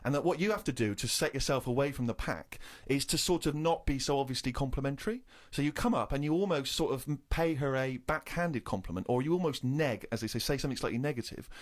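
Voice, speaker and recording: English guy in his thirties, brisk comic anecdote teller, indignant streak. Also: medium pitch. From England. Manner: animated storytelling, rising indignation. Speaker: co-host telling an anecdote. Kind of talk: casual comedy podcast chat.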